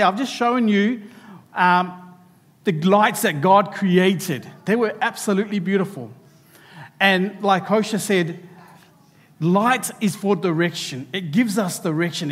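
A man's voice: high-pitched, big-room sound. A man preaching a sermon to a church, speaking animatedly and turning to the children directly. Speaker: pastor. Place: church hall.

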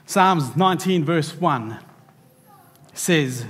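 Male preacher, high voice, lively sermon to kids and church, long hall reverb. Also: measured pace. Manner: animated preaching, addressing children directly. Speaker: pastor.

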